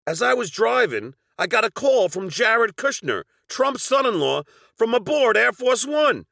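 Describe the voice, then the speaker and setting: A man's voice: very high-pitched, big pitch swings, unhurried, vocal fry, pushed and bright, no room sound, clean studio sound. A middle-aged man with a Long Island accent narrating a personal story from a script, with wry, sardonic asides.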